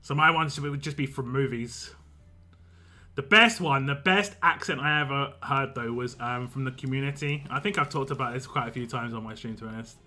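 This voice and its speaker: A man's voice: mid-range voice, brisk, bright, forceful tone, faint music behind. A man, a game streamer, chatting casually and rambling on a live stream, laughing often.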